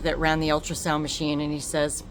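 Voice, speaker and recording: A woman telling a personal story to camera, animated and emphatic, acting out the dialogue and repeating words for effect. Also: low voice, brisk, slight background noise. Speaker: vlogger.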